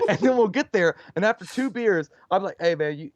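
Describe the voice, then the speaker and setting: A man's voice: on the high side, wildly swooping pitch, normal speed. A man co-hosting a casual movie podcast, telling rambling stories full of restarts and acted-out quotes, often laughing. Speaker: co-host of a movie channel.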